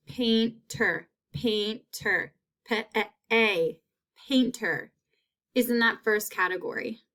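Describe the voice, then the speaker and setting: A woman teacher giving a phonics lesson, stretching out sounds and repeating each word slowly. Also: on the high side, a bit bright.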